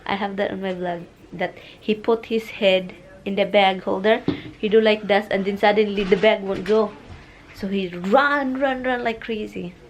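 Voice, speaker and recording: A woman's voice: medium pitch, fairly even intonation, moderate pace, slight background noise. Chatty Filipino-accented woman vlogger. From Philippines. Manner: chatty, laughs often, non-native grammar. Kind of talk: casual home vlog chat.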